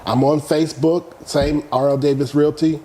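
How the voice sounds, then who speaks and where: A man's voice: a little high, moderate pace, a little hiss or hum. A middle-aged man, a guest in a casual interview, telling a story and acting out the quotes. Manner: animated storyteller who acts out quotes. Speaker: real estate guest.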